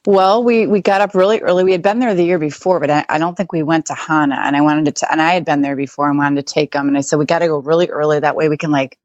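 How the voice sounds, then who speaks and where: A woman from the United States recounts a story in casual, chatty fashion, full of likes and restarts. Her voice is notably low for a woman. The sound is dry and close. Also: steady tone, quick pace, few pauses, darkish tone, dry recording, highs cut off. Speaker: interview guest.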